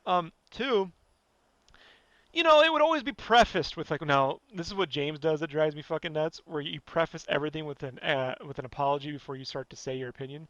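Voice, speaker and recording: A man's voice: high-pitched, lively intonation, fairly quick, pushed and bright, no echo, dull audio. Blunt, profane man ranting on a podcast. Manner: blunt, profane, rambling, fillers like "you know". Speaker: podcast host. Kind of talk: casual podcast rant.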